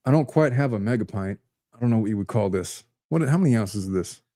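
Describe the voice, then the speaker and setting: Man, podcast co-host, mellow warm voice, dry close sound, joking casual chat. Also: fairly low pitch, fast, no echo. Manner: jokey, animated storytelling with put-on quotes.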